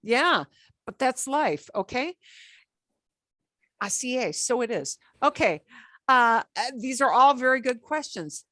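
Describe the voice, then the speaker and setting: Lively, encouraging woman Spanish teacher. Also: fairly high pitch, no room sound, studio quality. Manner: chatty, encouraging, drills words slowly. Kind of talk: online beginner Spanish class.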